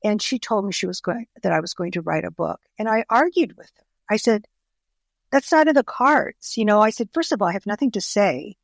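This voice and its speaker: A woman's voice: medium pitch, fast talker, creaky, no room sound. A middle-aged woman, a guest author, telling personal stories in a podcast interview and acting out the voices of the people she quotes. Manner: animated storyteller, acts out quoted voices.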